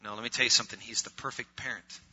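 Emphatic preacher man, bright lo-fi recording. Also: mid-range voice, steady tone, racing, breathy edge. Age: middle-aged. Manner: swings from loud emphatic preaching to quiet conversational asides. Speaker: pastor. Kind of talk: sermon. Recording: muffled lo-fi recording.

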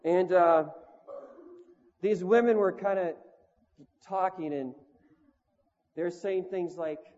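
A man's voice: high voice, takes it slowly, pauses often, darkish tone. A man preaching a storytelling sermon in a conversational, self-mocking way, with lots of "you know" and "like". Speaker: preacher and touring band leader. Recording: lo-fi recording in a long-echo hall.

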